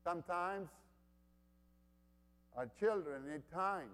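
A middle-aged man from Honduras preaching a sermon as a pastor, slow and emphatic, repeating his key phrases. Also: fairly high pitch, animated. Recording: long hall reverb.

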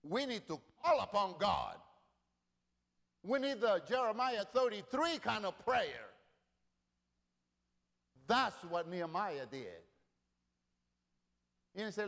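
A man preaching a sermon, repeating lines, swelling loud and falling quiet. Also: on the high side, lively intonation, slow pace, long pauses. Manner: rousing preaching with repetition, rising and dropping in volume. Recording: long reverb of a large hall.

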